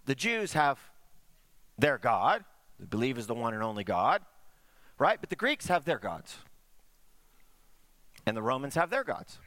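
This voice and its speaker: A man preaching a sermon to a congregation, often asking for an "amen," dropping to quiet asides and slowing down to stress key points. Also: mid-range voice, dry recording. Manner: animated preaching, drops to quiet asides, slows for emphasis. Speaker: pastor.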